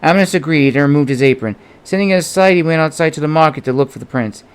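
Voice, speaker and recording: A man's voice: fairly high pitch, fast talker, clean tone. A man narrating an audiobook, reading steadily and giving the characters small shifts of voice. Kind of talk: audiobook narration of his own novel.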